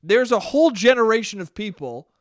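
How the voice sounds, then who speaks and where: Young guy ranting on his solo podcast, pretty high voice, super dry close sound, swears a lot and does mocking voices. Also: brisk, dry recording. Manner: animated ranting, mocking voices of critics, frequent swearing and laughing. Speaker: podcast host.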